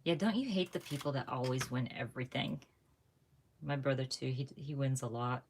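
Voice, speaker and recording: A chatty woman hosts a live craft stream from home, talking to viewers as she works. Her voice sits low, but it jumps up when she gets excited, and she laughs often. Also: normal speed, noisy background. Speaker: craft channel host. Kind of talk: casual live-stream chat while crafting.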